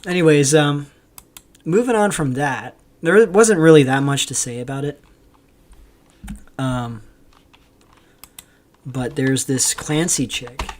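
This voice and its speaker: A man's voice: on the high side, slow pace, long pauses, a little hiss or hum. A man from Canada hosting a livestream, rambling with lots of ums as he reads viewer chat aloud and answers it. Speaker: livestream host. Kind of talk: casual livestream commentary.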